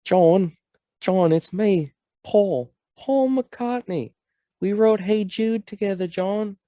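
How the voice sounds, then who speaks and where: A man's voice: slow, dark tone, dry recording, clean studio sound. A man doing a comic impression of a pleading older man with an exaggerated mock Liverpool accent. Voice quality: high, strained put-on voice.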